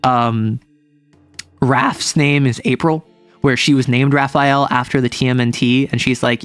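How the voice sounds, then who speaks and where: A man's voice: mid-range voice, fairly even intonation, measured pace, clean tone, dry recording, soft background music. A man streaming as a game master, casually and animatedly retelling a tabletop game session in a rambling way.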